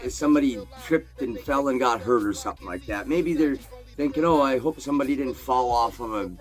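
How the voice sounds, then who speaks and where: A man telling a crude, profane personal story in a casual, animated way, swearing constantly. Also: medium pitch.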